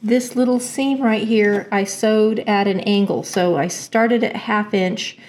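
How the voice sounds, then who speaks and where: A woman's voice: mid-range voice, unhurried, darkish tone, slight background noise. A woman hosting a casual sewing tutorial from her home sewing room, chatty and self-deprecating, with plenty of fillers. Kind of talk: casual step-by-step sewing demonstration.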